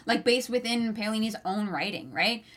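A woman's voice: a little high, normal speed, a bit bright. A woman co-hosting a podcast, chatting casually about a novel with lots of "like" and some swearing. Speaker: podcast co-host. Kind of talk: casual book discussion.

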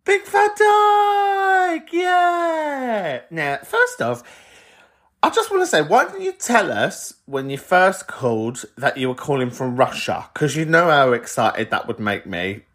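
A man with a London accent, hosting a podcast and chatting warmly through listener voicemails, laughing often. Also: medium pitch. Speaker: podcast host.

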